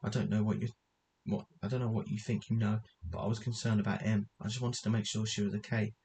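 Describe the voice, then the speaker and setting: A man's voice: lowish voice, flat delivery, quick pace, dark tone, slight background noise, natural voice. A man reading the lines of a defensive, snarling man caught out and lashing back, in a storybook reading. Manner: snarling, dismissive.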